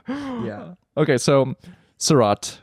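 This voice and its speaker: Teasing, animated male podcast co-host. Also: high-pitched, very slow, creaky, husky, dry recording, studio quality. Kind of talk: casual chat.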